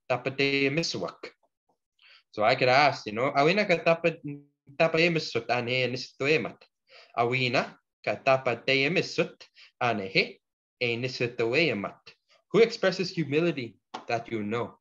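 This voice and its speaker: A man teaching a language class, patiently explaining word forms and repeating each example slowly for the learners. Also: medium pitch. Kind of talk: online language lesson. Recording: dull lo-fi audio.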